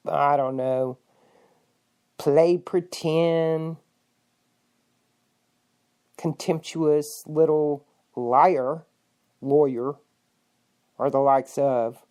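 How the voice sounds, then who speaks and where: Woman podcast host, angry profane rant, loud bursts dropping to mutters. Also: sits low, fairly even intonation, extremely slow, long pauses. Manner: fiery, indignant, swings between shouting and muttering; profane, rhetorical questions.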